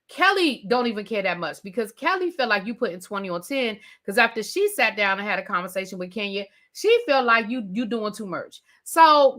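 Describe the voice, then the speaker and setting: A woman's voice: a little high, big pitch swings, normal speed, few pauses, sharp tone. A woman with a DC accent hosting a live TV review rant, chatty and sassy, answering her live chat as she talks. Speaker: host.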